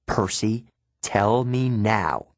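A man voicing a protective, worried mother who speaks softly and pleads. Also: medium pitch, sing-song, a little slow, husky, no echo, full character voice. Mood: urgent. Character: worried, protective mother, middle-aged woman.

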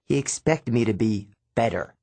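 Husky, lively male audiobook narrator. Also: medium pitch, normal speed, no room sound. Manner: casual, conversational teen voice. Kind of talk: first-person novel narration.

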